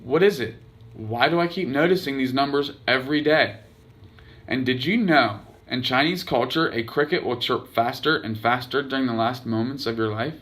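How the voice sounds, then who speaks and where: A man's voice: mid-range voice, moderate pace, a bit bright. A man reading aloud his own blog post, telling a personal story earnestly and dramatically.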